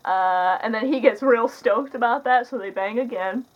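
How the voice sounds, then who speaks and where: A woman's voice: on the high side, normal speed. Young woman rambling thru a movie review, sarcastic, tons of fillers, kinda dull lo-fi audio.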